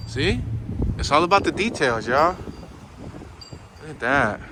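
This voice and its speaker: A man narrates a casual walking tour straight to his viewers, chatty and excitable, with slangy asides. His voice sits a bit high for a man. He records on a handheld gimbal camera outdoors, with clear street noise behind him. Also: a little slow, long pauses.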